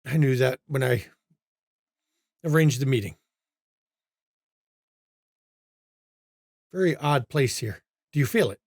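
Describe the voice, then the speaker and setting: A man voicing a short, pudgy, balding demon with a heavy German accent, speaking tersely and quietly in cryptic phrases. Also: medium pitch, moderate pace, dry recording, clean studio sound, pitched below the performer's own voice, natural voice.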